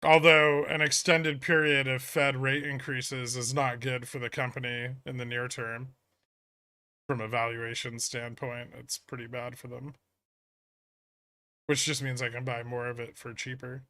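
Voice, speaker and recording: A man's voice: medium pitch, little pitch movement, a little slow, bright, forceful tone, no echo. A man hosting a casual trading livestream, reading chat questions and answering with dry, sarcastic humor. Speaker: livestream host.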